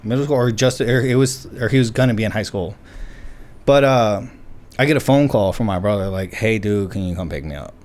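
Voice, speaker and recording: A man's voice: on the low side, fairly quick. A man co-hosting a casual podcast, telling stories with lots of swearing and acting out what people said. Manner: swearing, animated storyteller acting out quotes. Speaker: podcast co-host. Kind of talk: casual storytelling chat.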